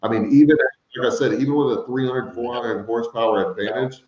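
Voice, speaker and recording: A man co-hosting a casual car podcast, talking excitedly. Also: medium pitch, quick pace. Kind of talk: casual chat. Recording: dull, echoey room sound.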